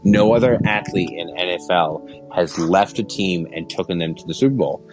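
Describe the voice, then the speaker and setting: A man's voice: sits low, normal speed, soft background music, poor audio. A man hosting a podcast, talking sports in a casual, earnest and rambling way. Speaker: podcast host.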